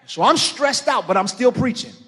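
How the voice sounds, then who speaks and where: A middle-aged man preaching a sermon to a church congregation, building to shouted fervor and calling out to the crowd. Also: very high-pitched, lively intonation, moderate pace, breathy edge. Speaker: pastor. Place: large church hall. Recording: live church sermon with long hall reverb.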